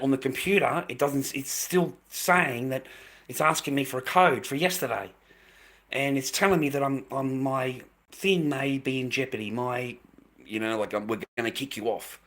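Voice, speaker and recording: Exasperated and swearing, a middle-aged man from Australia repeats himself as he rants at his livestream chat. He speaks with a medium pitch and a fairly bright tone.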